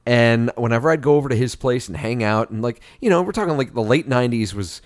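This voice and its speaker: A man's voice: medium pitch, quick pace, dry recording, clean studio sound. A man in his forties co-hosting a movie podcast, telling stories in casual, profane banter full of laughs. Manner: profane, laughing, animated storyteller. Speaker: podcast co-host.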